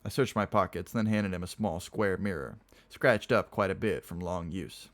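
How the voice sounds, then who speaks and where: A man's voice: low-pitched, moderate pace, fairly bright tone. A man reading a novel aloud on a stream, narrating plainly and chatting with viewers between passages. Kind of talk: casual read-aloud narration.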